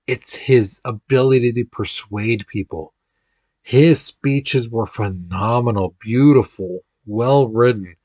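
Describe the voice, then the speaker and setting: A man's voice: medium pitch, darkish tone, no echo. Chatty male history teacher, dry sound. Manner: informal, chatty, acts out quotes with playful voices. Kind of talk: casual classroom lecture.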